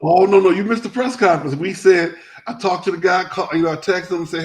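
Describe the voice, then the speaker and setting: A man hosting a casual sports talk show, telling stories in a rambling, animated way with many restarts. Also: high voice, fast talker, poor audio.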